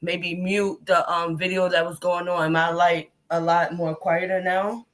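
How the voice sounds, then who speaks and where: Over a remote call with rough audio, a woman in her thirties phones in to a live stream. Her voice is lowish and level, a little slow, and her impassioned commentary rambles emphatically with many restarts.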